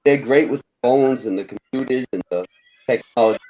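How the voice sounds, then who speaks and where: A laid-back man, guesting as a rapper and answering in short, supportive lines. His voice is mellow and warm, heard through a dull, lo-fi stream feed. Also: mid-range voice, normal speed, faint music behind. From Boston, Massachusetts. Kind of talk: casual interview chat.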